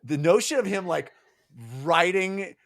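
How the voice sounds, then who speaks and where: A man co-hosts a casual book club podcast, talking in a slangy, animated way. His pitch swings widely as he gets into it. The sound is dry and close, with no room echo. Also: measured pace, vocal fry. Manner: animated, slangy, acts out quotes. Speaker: podcast co-host.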